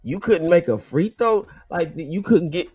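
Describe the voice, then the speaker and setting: A man's voice: a little high, animated, unhurried, darkish tone, breathy edge, faint music behind. A man hosting a live stream, reacting to a basketball clip in slangy, incredulous, rambling talk. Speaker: host.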